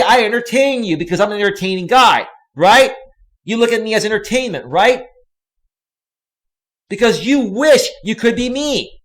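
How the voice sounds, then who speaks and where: Guy on a live stream cussing nonstop, fairly high voice, talks right at his chat. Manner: profane, swearing constantly; speaks directly to chat viewers by name. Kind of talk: angry live stream rant.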